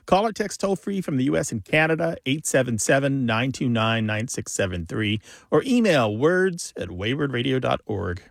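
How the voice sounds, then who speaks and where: A man's voice: medium pitch, expressive, normal speed, gravelly, hardly any pauses, no room sound. Upbeat male radio host. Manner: upbeat, joking. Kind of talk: radio talk show hosting.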